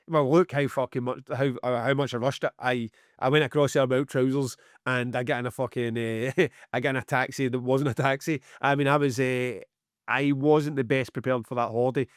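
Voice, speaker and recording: A man's voice: mid-range voice, no room sound, studio quality. A middle-aged Scottish man telling a story on a podcast, swearing freely and acting out both sides of the dialogue. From Scotland. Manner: animated, heavy swearing, acts out dialogue. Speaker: podcast co-host, music promoter. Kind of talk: casual storytelling chat.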